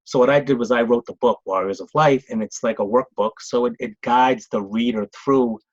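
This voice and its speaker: A man's voice: mid-range voice, fairly even intonation, a little fast, dry recording. A middle-aged man with a Boston accent talks casually as a podcast guest. He rambles and restarts his sentences, leaning on "it's like". His voice comes through slightly dull and lo-fi, as if over a remote call. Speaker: guest, grief coach and author. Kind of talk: casual conversational interview.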